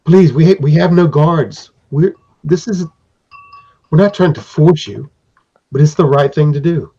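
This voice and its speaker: A man voicing a fussy, small old male craftsman creature who talks in a high, pleading way, on a dull lo-fi recording. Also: unhurried, mellow, slightly rough.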